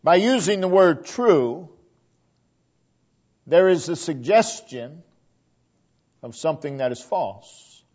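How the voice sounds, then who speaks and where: A man preaching a sermon, building to emphatic peaks and then letting his line endings fall to a hush. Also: on the high side, animated, slow pace, long pauses, dull audio.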